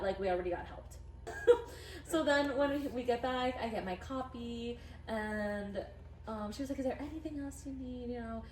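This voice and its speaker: A woman's voice: a little high, roomy sound, distant mic, a little hiss or hum. A woman co-hosting a podcast, telling stories animatedly in casual chat with laughter. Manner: animated storyteller, laughing, acting out quotes. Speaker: podcast co-host.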